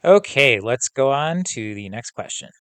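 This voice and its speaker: A male teacher reading a novel aloud to students, pausing to pose comprehension questions in a steady, instructive way. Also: medium pitch, clear, resonant tone, no room sound.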